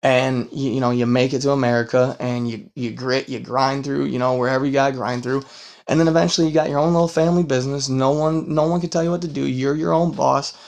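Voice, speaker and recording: A man talks his way loosely through a true-crime podcast episode, swearing freely and trailing into fillers. He sounds worn out after a long work week. His voice sits at an ordinary middle pitch. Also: steady tone, quick pace, vocal fry, a little mellow. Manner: rambling and profane, full of fillers and laughs. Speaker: podcast host.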